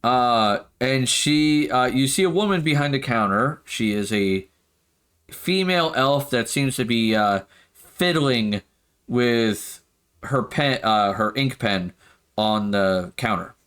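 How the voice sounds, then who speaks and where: A man running a tabletop game as game master, narrating scenes with many halting fillers. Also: medium pitch, expressive, a bit bright, clear, resonant tone.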